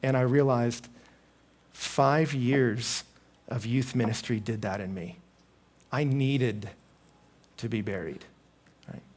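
Preaching to a live audience, a man tells stories animatedly and acts out the voices of the people in them, jumping widely in pitch for each quote. He takes his time, pauses often, and has a breathy edge to his voice.

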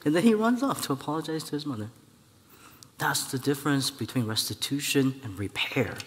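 A male church elder gives a sermon. His voice sits at an ordinary middle pitch and rings with long reverb from the church hall around him. He tells his story with animation and acts out the voices of the people in it. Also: lively intonation, brisk, slight background noise.

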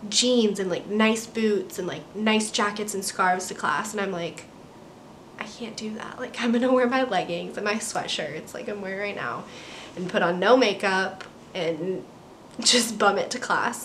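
A woman's voice: medium pitch, fairly bright tone, slight background noise. A young adult woman with an American accent, a college student chatting through a casual vlog update from her apartment in a bubbly, rambling way full of "like" and "um". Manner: bubbly, rambling, heavy use of "like" and "um". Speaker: vlogger, college student studying abroad.

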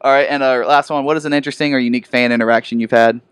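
A male interviewer speaks quickly in a mid-range voice and keeps the questions light and upbeat. The sound is close and dry. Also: mid-range voice, fairly even intonation, smooth, no echo.

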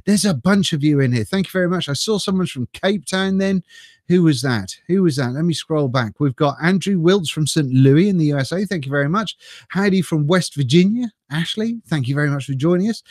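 A man's voice: fairly high pitch, animated, fairly quick, dry recording, clean studio sound. An English man chatting casually on a live stream, greeting viewers by name and laughing often, speaking into a desk mic through a mixer. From England. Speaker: vlogger reading live chat.

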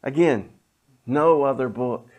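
A middle-aged man, a pastor telling a personal story in a sermon with a conversational delivery that often drops to a hushed tone. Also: mid-range voice, slow.

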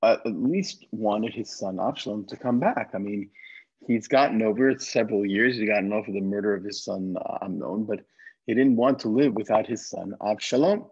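Rabbi lecturer, husky voice, chatty storytelling, quotes the characters, muffled recording. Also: male voice, fairly low pitch, moderate pace, a little mellow. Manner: conversational, with restarts and quoted speech. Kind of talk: lecture retelling a bible story.

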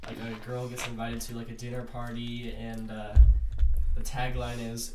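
A man's voice: medium pitch, monotone, moderate pace, over music. A young man co-hosting a podcast in casual chat, rambling with lots of fillers and half-finished starts. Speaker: podcast co-host. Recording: echoey room, distant mic, faint hiss.

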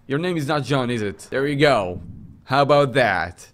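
A young man streaming a game, commenting loudly with crude jokes and sudden yells. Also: medium pitch, moderate pace. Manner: excitable, yelling and crude joking. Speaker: gaming streamer.

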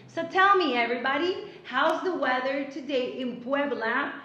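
A woman leads a live online English class for young children, speaking slowly and patiently in a high voice so the kids can repeat after her. Her audio is roomy and a little dull, the kind of lo-fi sound a livestream gives. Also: sharp tone. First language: Spanish. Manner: switches between English and Spanish, drills words for repetition; sleepy but encouraging. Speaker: English teacher.

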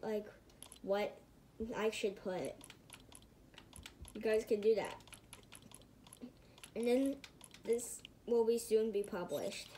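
A woman's voice: mid-range voice, mellow, a little hiss or hum, low-quality recording. A woman giving casual gameplay commentary, rambling to her viewers with lots of fillers and murmuring to herself as she builds. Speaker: gaming channel host.

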